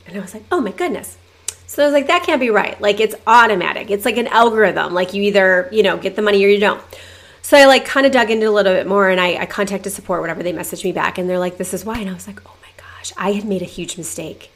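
A woman hosting a podcast, talking casually and acting out her own thoughts in hushed asides. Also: mid-range voice, creaky. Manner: chatty, lots of "like", acts out inner voices in whispers. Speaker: podcast host. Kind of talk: casual motivational monologue.

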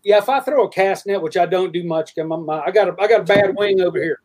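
A man's voice: high voice, fast, a little mellow. A man, hosting a casual fishing and cooking chat and rambling in a joking drawl. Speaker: fishing and cooking show host.

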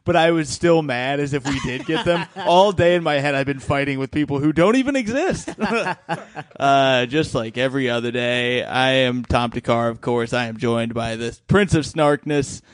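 A man's voice: medium pitch, normal speed, no room sound. A man hosting a comedy podcast, joking, swearing and laughing often with his guests. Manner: jokey, profane, laughs often. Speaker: podcast host. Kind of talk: casual comedy podcast chat. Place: studio.

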